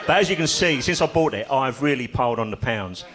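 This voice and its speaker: A man's voice: mid-range voice, lively intonation, brisk, fairly bright tone, some chatter behind. An older man doing a stand-up comedy set on a club stage, telling stories with dry, self-mocking humor.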